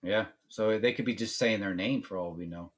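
Relaxed joking male co-host. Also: on the low side, moderate pace. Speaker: podcast co-host. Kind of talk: casual chat.

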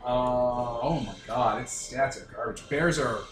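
A man's voice: medium pitch, measured pace, music in the background. A man running a tabletop game as game master, casual and cursing, narrating with bursts of energy. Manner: casual, swears, animated when narrating. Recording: echoey room with faint hiss.

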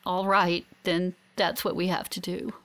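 A woman voicing a grieving older sister who speaks tearfully while trying to sound calm. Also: fairly low pitch, unhurried. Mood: tearful, tender.

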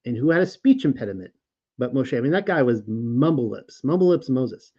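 Male host, casual scripture teaching, animated and rambling, slightly dull lo-fi sound. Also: medium pitch, fairly quick. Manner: casual, animated, stumbles over names and restarts. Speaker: Bible teacher and show host. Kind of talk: informal scripture study, reading and commenting.

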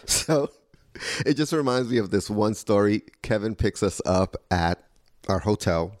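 A man's voice: fairly low pitch, expressive, unhurried, a little mellow, dry recording, studio quality. A man in casual conversation, telling a story and mimicking people's voices in quotes. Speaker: guest.

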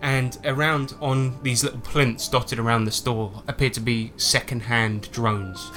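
Game master, bright tone, relaxed and halting. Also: male voice, mid-range voice, faint music behind. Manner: relaxed, halting descriptive narration. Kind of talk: narrating a tabletop game.

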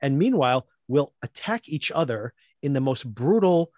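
A man co-hosting a podcast, recapping a TV episode in casual chat, animated and laughing often as he acts out lines. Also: mid-range voice, moderate pace, no room sound, studio quality. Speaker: podcast co-host.

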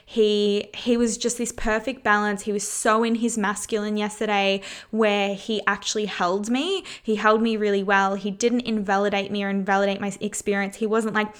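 A woman hosting a solo podcast in a loose, chatty way. Her voice is smooth and clear. She talks openly, swears without holding back, and fills her sentences with "like" and "you know.". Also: mid-range voice, little pitch movement, moderate pace. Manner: frank and candid, swears freely. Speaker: podcast host. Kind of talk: casual solo podcast talk.

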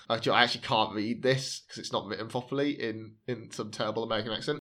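A man hosting a casual podcast, his voice bright and forward. He jokes around, swears freely and reads reviews out in a mocking tone. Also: fairly low pitch, fairly even intonation, quick pace. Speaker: podcast host.

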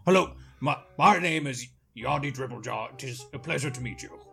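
A man's voice: mid-range voice, animated, a little fast, creaky, a bit bright, faint music behind. A man doing a flustered, pants-hating adventurer. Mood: polite. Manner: flustered, whiny. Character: eccentric male character who hates pants.

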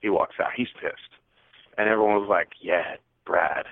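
Guy on a podcast telling a work story, gets loud acting out quotes, tinny dry sound. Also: deep voice, moderate pace, dry recording. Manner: animated, acts out quotes with rising voice. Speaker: podcast co-host. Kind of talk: casual storytelling. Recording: tinny phone-like audio.

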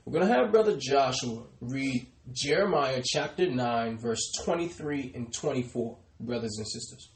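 A man's voice: medium pitch, expressive, normal speed, hardly any pauses. Preacher man in an echoey room. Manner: addresses "brothers and sisters" often, trailing off softly. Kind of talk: sermon with scripture call-and-response.

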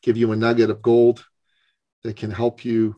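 A man's voice: medium pitch, normal speed, dull audio. A man, a business coach, telling a personal story as a podcast guest. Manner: gravelly, animated storyteller. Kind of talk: storytelling in an interview.

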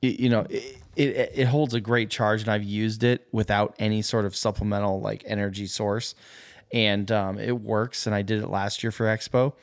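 A man's voice: lowish voice, fairly even intonation, moderate pace, dry recording, studio quality. A man co-hosting a casual chat about trip prep, rambling with lots of filler words. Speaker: podcast co-host.

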